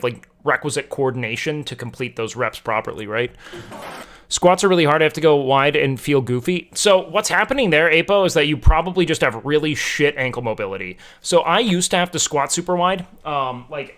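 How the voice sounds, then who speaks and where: A man's voice: on the high side, fairly bright tone. A young man streaming, chatting casually with viewers and explaining lifting technique, rambling with many fillers and restarts. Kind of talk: casual chat answering viewers about lifting.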